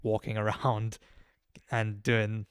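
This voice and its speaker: A man's voice: fairly low pitch, completely flat delivery, slow pace, smooth, dry recording, clean studio sound. A man co-hosting a podcast in casual chat, telling stories in a rambling, hesitant way. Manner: rambling, hesitant, lots of fillers and restarts. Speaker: podcast co-host.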